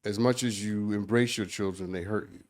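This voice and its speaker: Measured, earnest male co-host. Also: lowish voice, fairly even intonation, a little mellow. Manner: measured, earnest, slows to stress points. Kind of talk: casual chat.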